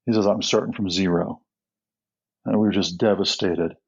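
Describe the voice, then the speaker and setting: Middle-aged male guest, husky, earnest storyteller who restarts often, dull lo-fi sound. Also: low-pitched, steady tone, normal speed. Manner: earnest, with frequent restarts and soft laughs. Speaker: guest, nonprofit co-founder. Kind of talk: storytelling in a podcast interview.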